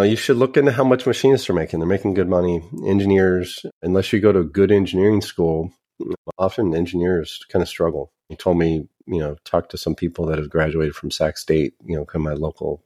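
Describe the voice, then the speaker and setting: Low-voiced man telling stories, chatty. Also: darkish tone. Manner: chatty and self-deprecating, laughs while telling stories. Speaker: podcast guest, machinist. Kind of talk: casual storytelling interview.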